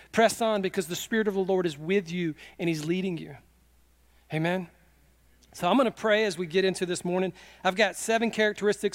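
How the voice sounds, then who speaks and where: A middle-aged man preaching a sermon with fervor, slipping into quick acted quotes. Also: high voice. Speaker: pastor.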